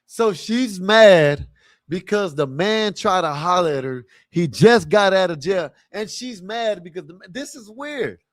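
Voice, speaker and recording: A man's voice: high-pitched, animated, measured pace, no room sound, studio quality. A man hosting a livestream, giving blunt, profane commentary on a video clip and asking rhetorical questions. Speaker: livestream host reacting to a clip. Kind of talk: casual live commentary.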